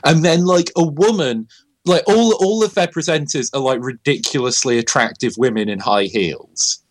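This is a man in loose, casual conversation on a podcast. His voice sits at a middle pitch, and he rambles through many fillers and often breaks into laughter. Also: moderate pace. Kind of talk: casual chat.

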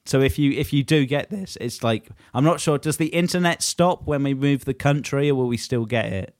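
A man's voice: medium pitch, normal speed, dry recording, studio quality. A man co-hosting a casual comedic podcast chat, joking and laughing often. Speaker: podcast co-host.

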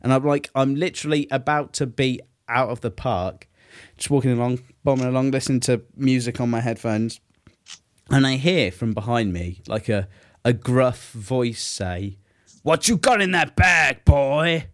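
Young bloke rambling thru a story, lots of likes and swearing, mid-pitched voice. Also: male voice, steady tone, moderate pace. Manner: rambling anecdote full of fillers and swearing. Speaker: podcast co-host. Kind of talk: casual chat.

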